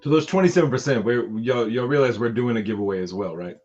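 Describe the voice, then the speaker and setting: A man's voice: medium pitch, quick pace, darkish tone, muffled recording, soft background music. A man co-hosting a casual livestream, laid-back and laughing often. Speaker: livestream co-host. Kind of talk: casual chat.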